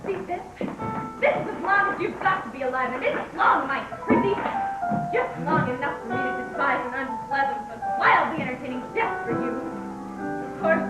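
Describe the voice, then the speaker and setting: Wicked Witch played by a woman, cackling. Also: high voice. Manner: cackling, sneering, theatrical. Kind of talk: amateur stage play. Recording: echoey stage from far off with music.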